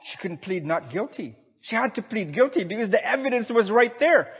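Husky-voiced preacher telling a story. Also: male voice, sits high, moderate pace, in a large hall, dull audio. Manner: animated storyteller. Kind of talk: sermon storytelling. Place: church.

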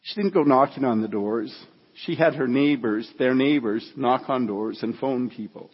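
Husky male preacher in a reverberant hall. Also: medium pitch, dull audio. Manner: earnest, halting, with repeated restarts. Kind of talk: sermon storytelling.

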